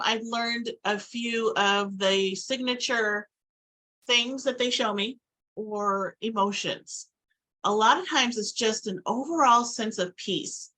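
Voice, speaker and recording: Bright-voiced woman chatting about angels. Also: fairly high pitch, rough recording. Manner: chatty and rambling, acts out little quoted asides. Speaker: spiritual vlogger. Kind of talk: casual spiritual talk to camera.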